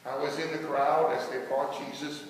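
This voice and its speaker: A pastor playing the apostle Peter, an ashamed and grieving grown man, in a dramatic first-person sermon monologue that swings from hushed tones to shouting. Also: fairly high pitch, level tone, normal speed, slight background noise, lightly acted. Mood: remorseful. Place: large church sanctuary. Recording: echoey church hall from far off.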